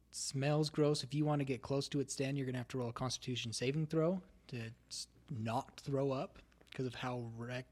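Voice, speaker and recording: Man, game master, easygoing, laughs a lot, mid-pitched voice. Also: darkish tone. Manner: laughs often, easygoing rulings. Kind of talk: narrating a tabletop game.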